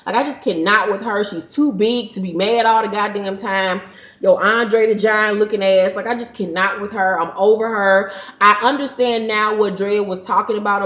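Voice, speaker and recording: A blunt, sassy woman recaps a reality TV episode, swearing freely as she gives her opinions. Her voice sits at a middling pitch and rings a bit in the room. The recording sounds dull and lo-fi. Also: reverberant. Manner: blunt, sassy and heavily profane.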